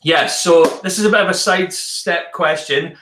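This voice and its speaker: A man's voice: on the high side, moderate pace, fairly bright tone, echoey room, slight background noise, low-quality recording. A man hosting an interview, effusive and enthusiastic, often restarting his sentences. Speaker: podcast host. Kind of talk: casual interview chat.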